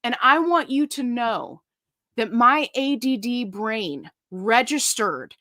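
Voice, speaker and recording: A woman hosting a casual live stream, chatting with viewers and reading their comments in a lively, joking way. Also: fairly high pitch. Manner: chatty and animated, quick asides and laughs. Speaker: livestream host.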